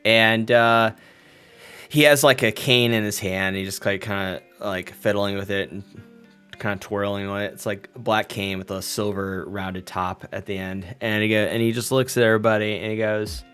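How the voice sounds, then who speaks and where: A man's voice: lowish voice, fairly even intonation, moderate pace, a bit bright, clear, resonant tone, soft background music. A man narrating a tabletop game as game master, describing scenes loosely with many fillers.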